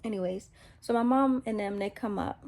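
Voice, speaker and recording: Mellow-voiced woman giving casual testimony. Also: mid-range voice, moderate pace. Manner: rambling, repeats herself, self-mocking. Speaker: vlogger sharing a faith testimony.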